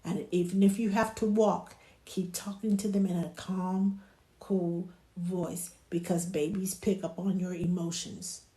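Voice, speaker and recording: A woman talking casually as a childcare provider, giving advice on soothing babies and dropping to a hushed, soothing voice when she quotes herself talking to them. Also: lowish voice, steady tone, measured pace. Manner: drops to a hushed soothing voice for baby talk. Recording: echoey room.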